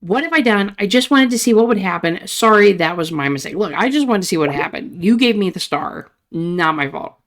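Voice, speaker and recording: A woman hosting a let's play, chatty and reacting out loud as she reads a chat game. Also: medium pitch, lively intonation, fairly quick, hardly any pauses. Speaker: gaming channel host.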